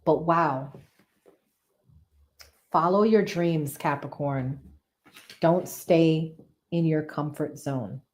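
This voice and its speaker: A woman's voice: low voice, extremely slow, long pauses, a little mellow. A woman hosting a live-stream tarot reading, chatty and enthusiastic, repeating phrases for emphasis and talking straight to her viewers.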